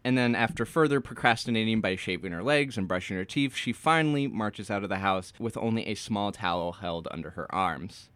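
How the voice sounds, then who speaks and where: A man co-hosting a podcast, reading through a novel's plot in his own words. His voice sits low and the sound is dry and close. He keeps breaking off to crack sarcastic jokes. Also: fairly quick, hardly any pauses, a bit bright, smooth, no room sound. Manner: jokey, sarcastic asides while recapping. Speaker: podcast co-host. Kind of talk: casual chat and book recap.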